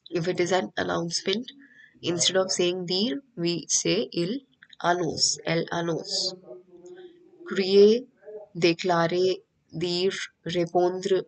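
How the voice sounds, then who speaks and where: Female teacher, Indian English accent, slightly low voice, patient and repetitive classroom delivery. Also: rough recording. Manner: patient, repeats each point slowly. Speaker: French teacher. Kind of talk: online class lecture.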